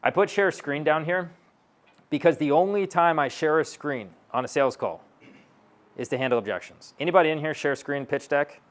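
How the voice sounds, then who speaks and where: A man's voice: a little high, moderate pace. A man giving a stage talk to an audience as a sales coach, brash and blunt, swearing and acting out both sides of dialogues.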